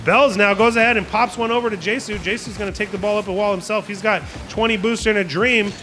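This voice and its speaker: A man's voice: high voice, fairly even intonation, quick pace, sharp tone, slight background noise. A man hosting a live online tournament, calling the plays and joking with chat in a playful, hype-driven way. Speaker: tournament host and caster. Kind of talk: live esports play-by-play commentary on a stream.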